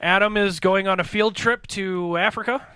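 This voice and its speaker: A man's voice: high-pitched, steady tone, normal speed, bright, forceful tone, clear, resonant tone, no room sound. A man hosting a crude, casual podcast, joking and reading ad copy. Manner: profane, joking, reads ad copy. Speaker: podcast host. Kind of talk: crude casual chat with friends.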